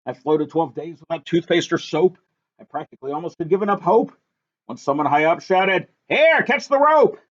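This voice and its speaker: A man reading a rhyming picture book aloud in a lively, sing-song, rhythmic way. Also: fairly high pitch, a little fast. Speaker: reader. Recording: dull lo-fi recording.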